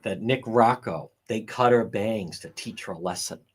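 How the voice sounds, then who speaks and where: Reading out replies to his chat, a middle-aged livestream host keeps things casual, wry and sarcastic, letting out the occasional chuckle. His husky voice moves at a normal speed with lively jumps in pitch.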